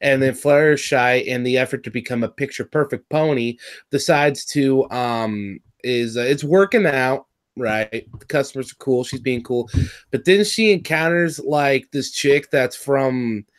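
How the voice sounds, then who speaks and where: Excitable rambling man, casual surfer talk. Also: medium pitch, measured pace. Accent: Californian. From California. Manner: rambling, excitable, lots of fillers and restarts. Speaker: podcast co-host reviewing a cartoon episode. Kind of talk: casual chat.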